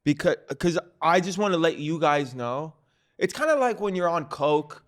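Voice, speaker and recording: A man, a guest comedian, telling stories in a casual, animated and profane way on a podcast. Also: fairly high pitch, moderate pace. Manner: animated, profane storyteller acting out quotes. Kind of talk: casual storytelling. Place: podcast studio.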